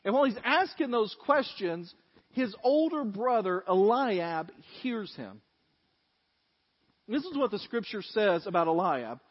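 A man preaching in a church, talking to the congregation in a folksy, chatty way. His voice sits high. The sound is dull, and a long reverb from the sanctuary trails each phrase. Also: sing-song, unhurried, husky. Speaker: pastor. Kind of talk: sermon.

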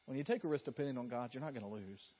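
A man preaching a sermon to his congregation, his delivery swinging from loud emphatic bursts to quiet, intimate storytelling. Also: mid-range voice, very fast, breathy edge, lo-fi sound. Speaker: pastor.

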